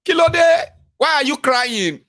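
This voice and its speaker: A man's voice: very high voice, expressive, unhurried, bright, forceful tone, voice pushed up, exaggerated voice. A man voicing a wife with a Nigerian accent, cooing over her crying husband with mocking sympathy. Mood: teasing. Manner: cooing, mock-sympathetic, teasing.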